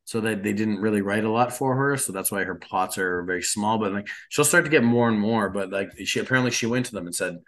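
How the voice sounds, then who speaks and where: A man's voice: fairly low pitch, quick pace, hardly any pauses, a bit bright. A man co-hosting a podcast in casual chat, giving blunt, profane opinions and animatedly retelling scenes. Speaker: podcast co-host.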